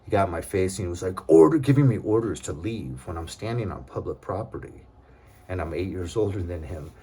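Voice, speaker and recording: Husky low-voiced man rambling. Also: animated, fairly quick, warm tone. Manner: rambling, aggrieved, with many fillers and digressions. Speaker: vlogger. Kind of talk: casual monologue to camera.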